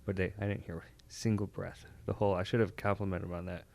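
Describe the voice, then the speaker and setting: A young man with a fairly low voice, chatting loosely in a small studio. He rambles and jokes, backing up and restarting his thoughts mid-sentence. Casual comedy podcast banter. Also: little pitch movement, quick pace, gravelly, darkish tone. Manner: rambling, self-interrupting, jokey. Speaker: podcast co-host.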